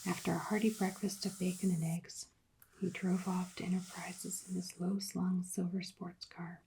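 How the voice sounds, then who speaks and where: A woman narrating an adventure book in a soft-spoken ASMR reading, hushed and partly whispered. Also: on the low side, level tone, normal speed, vocal fry, a little hiss or hum.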